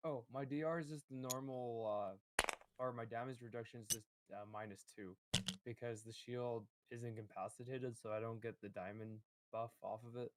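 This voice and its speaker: A man's voice: medium pitch, steady tone, normal speed, heavy background noise. A man playing a tabletop game, joking around and checking his numbers with the game master. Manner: joking, easygoing. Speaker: player. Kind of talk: casual game chat.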